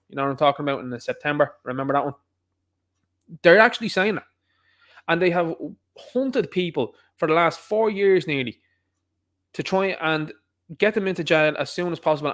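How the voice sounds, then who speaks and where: A man with an Irish accent delivering an opinionated monologue, emphatic and repetitive, firing off rhetorical questions. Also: a little high. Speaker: online commentator.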